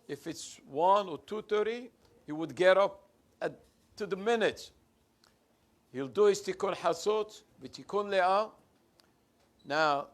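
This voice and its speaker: A man preaching as a visiting rabbi in a synagogue. He tells stories animatedly and quotes Hebrew and Aramaic texts, translating them as he goes. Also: a little high. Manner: animated storyteller, voice rising and falling. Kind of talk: sermon with storytelling.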